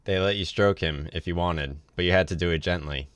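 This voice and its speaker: A man's voice: low voice, fairly quick, fairly bright tone, clear, resonant tone, dry recording. A man reading a novel aloud on a livestream, in a casual way with offhand asides. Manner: casual read with ad-libbed asides. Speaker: reader.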